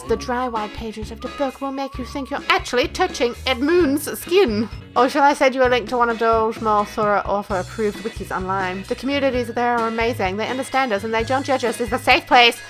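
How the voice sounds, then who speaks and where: A woman reading out a nerdy young fan girl who gushes eagerly about her favorite saga. The voice sits a little high, and soft music plays quietly underneath. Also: brisk, close to an everyday voice, rough recording. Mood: gushing. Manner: eager, gushing. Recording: faint music behind.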